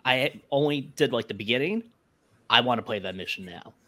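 Lively playful man, podcast panelist. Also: medium pitch, fairly quick. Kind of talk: casual chat.

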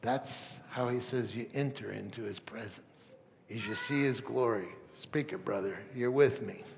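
Emphatic pastor preaching in a reverberant hall. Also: male voice, mid-range voice, measured pace, creaky, a little hiss or hum. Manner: emphatic, rising to loud peaks then dropping soft; stammering restarts, rhetorical questions. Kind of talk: sermon. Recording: long reverb of a large hall.

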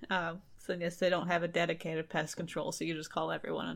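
A woman's voice: lowish voice, level tone, fast, creaky. A woman casually retelling a folktale on a podcast, chatty and laughing, briefly acting out the characters' lines.

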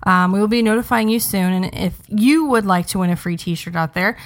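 A woman's voice: mid-range voice, brisk. A young adult woman hosting a podcast, chatting in an upbeat casual way with frequent ums. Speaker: podcast host.

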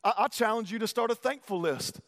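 A man in his thirties with a Southern American accent, preaching a sermon in a conversational, folksy way, at times dropping to a soft, low voice for emphasis. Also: a little fast. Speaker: pastor. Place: church sanctuary. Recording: long hall reverb.

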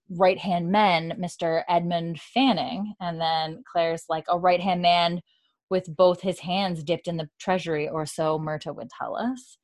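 A woman's voice: steady tone, measured pace. A young woman casually recapping a TV episode, chatting and acting out the characters' lines in a raised voice. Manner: chatty, acts out characters' lines with lifted pitch. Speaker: podcast host recapping a TV episode. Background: dog heard at times.

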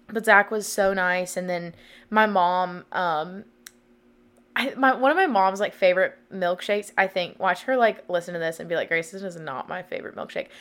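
Rambling young woman podcaster. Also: mid-range voice. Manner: rambling, many "like" fillers, open and emotional. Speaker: podcast host. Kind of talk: casual confessional chat.

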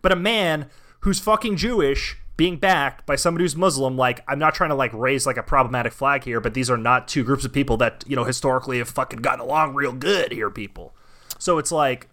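Bright-voiced profane young man. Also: medium pitch, a little fast. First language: English. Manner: swears constantly, emphatic, laughing asides. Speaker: podcast co-host. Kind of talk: casual profane chat.

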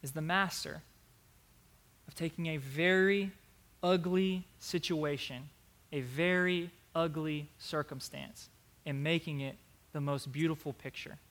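A man's voice: on the high side, unhurried, a bit bright. A man preaching a sermon as pastor, earnest and emphatic, repeating his key phrases.

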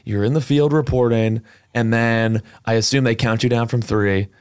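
A man's voice: mid-range voice, steady tone, a little mellow, smooth, dry recording, studio quality. A man hosting a podcast, interviewing a guest in a playful, jokey way. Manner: playful, jokey, quick follow-ups. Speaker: podcast host.

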